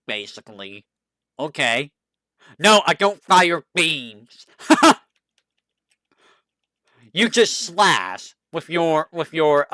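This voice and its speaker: A VTuber streamer chatting casually, musing aloud, asking itself questions and reading character bios haltingly. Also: mid-range voice, bright, forceful tone, dry recording. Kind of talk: casual stream chat, browsing game characters.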